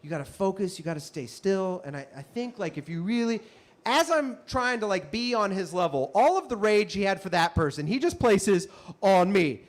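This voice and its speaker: A man telling a comic story on stage in an animated, punchy way, with frequent asides to the audience. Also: high voice, moderate pace. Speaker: comedian and storyteller. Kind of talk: stand-up storytelling.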